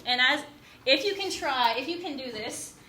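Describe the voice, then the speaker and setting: A woman teaching a class, talking very quickly and animatedly and often checking in with "right?". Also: high-pitched. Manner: fast-talking, animated, keeps asking "right?". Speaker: instructor. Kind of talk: classroom lecture. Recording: echoey classroom, faint noise.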